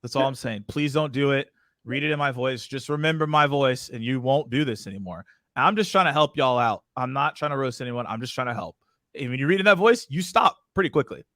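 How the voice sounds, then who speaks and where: A man hosting a sales workshop, giving advice in an energetic, joking, emphatic way. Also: mid-range voice, brisk, dry recording, clean studio sound. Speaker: host. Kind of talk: casual webinar advice chat.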